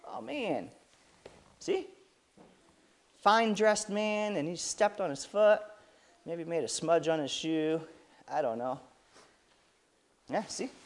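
A man's voice: fairly high pitch, takes it slowly, pauses often. A man reading a story aloud to children, stopping often to ask them questions. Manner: lively, asks the kids questions.

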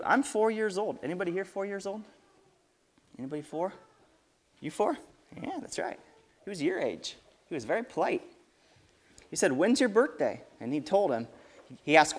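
A man reading a story aloud to children, stopping often to ask them questions. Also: on the high side. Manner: lively, asks the kids questions.

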